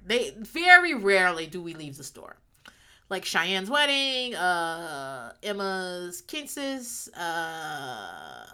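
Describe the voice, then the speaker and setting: A woman's voice: mid-range voice, bright, forceful tone. A young woman chatting casually and rambling, laughing often and acting out characters' lines as she recaps a sitcom.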